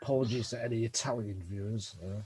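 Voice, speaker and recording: Male co-host, husky voice, brief dry quips. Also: lowish voice, quick pace, darkish tone, no room sound. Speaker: podcast co-host. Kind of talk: casual chat.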